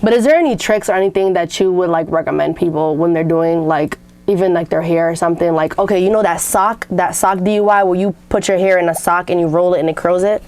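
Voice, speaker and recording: A woman's voice: lowish voice, a little mellow. A teenage girl hosting a radio show, chatting casually and teasing her co-host with a playful manner. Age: teens. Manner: playful, teasing, quick to laugh. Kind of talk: casual chat.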